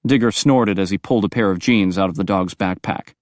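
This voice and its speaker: A man reading audiobook narration in a brisk, expressive storytelling manner. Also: deep voice, no echo, studio quality.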